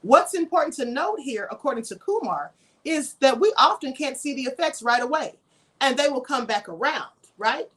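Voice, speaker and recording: A woman's voice: high voice, sing-song, normal speed, fairly bright tone, slightly rough. A woman raised in Kentucky, hosting a spiritual livestream and lecturing conversationally, asking rhetorical questions and reading out viewer comments. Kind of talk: live-stream teaching, reading chat comments.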